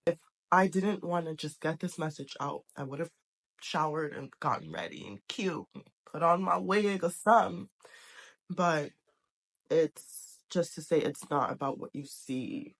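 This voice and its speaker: A woman's voice: low-pitched, slow pace, long pauses. A young adult woman talking to camera in a casual vlog, earnest, emotional and encouraging. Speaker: vlogger. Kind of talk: casual heartfelt vlog talk.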